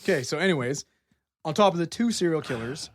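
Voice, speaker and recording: Excitable young man telling a spooky story. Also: a little high, quick pace, a little hiss or hum. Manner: excitable storyteller, laughs a lot, jokes around. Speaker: podcast co-host. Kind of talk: casual chat.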